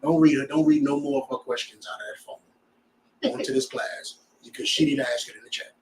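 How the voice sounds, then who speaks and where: A man's voice: medium pitch, steady tone, a little fast, recorded from a distance, a little hiss or hum, low-quality recording. A man teaching a scripture class in a blunt, preachy way, full of rhetorical questions.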